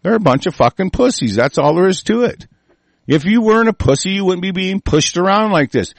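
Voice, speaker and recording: A man's voice: high-pitched, lively intonation, fairly quick, gravelly, dry recording. A man hosting a talk show, delivering a furious, profane and confrontational political rant.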